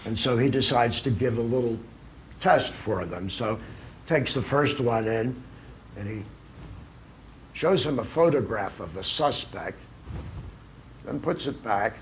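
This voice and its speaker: A man's voice: mid-range voice, expressive, measured pace, long pauses, a little hiss or hum, rough recording. A man giving an informal philosophy lecture full of jokes, rambling and searching for words. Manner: rambling, with many fillers and restarts. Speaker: speaker at a philosophy humor talk. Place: lecture at a college.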